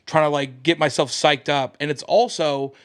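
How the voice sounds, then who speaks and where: An American man with a somewhat high voice tells a story on a podcast. He talks in a lively, animated way and acts out the people he quotes. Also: moderate pace, clean tone. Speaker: comedian guest.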